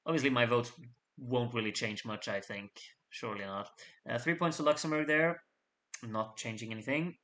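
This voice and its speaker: A man's voice: medium pitch, moderate pace, fairly bright tone. A man in a mid-range voice runs through a fan contest's votes, country by country. He keeps things loose and chatty, teasing the voters and joking with his audience between the points. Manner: chatty, jokey asides to the audience. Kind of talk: casual live voting commentary.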